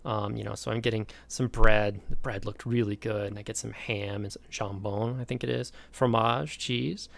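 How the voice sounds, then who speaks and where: Gravelly-voiced American man lecturing. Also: on the low side, moderate pace, hardly any pauses. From United States. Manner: animated storytelling, playacts his own past lines. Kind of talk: recorded lecture with a personal anecdote.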